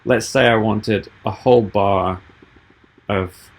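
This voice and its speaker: A man giving a software tutorial over a video call, explaining each step patiently. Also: lowish voice, steady tone, slow, a little hiss or hum. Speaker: app developer giving a tutorial.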